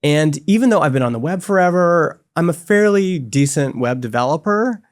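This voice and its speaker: A man's voice: fairly high pitch, normal speed. A man in his forties talks as an interview guest, candid and open. He tells stories in a loose, chatty way, often reaching for filler words as he goes. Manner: candid, animated storytelling with frequent "like" fillers. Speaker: guest, software company co-founder. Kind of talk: casual conversational interview.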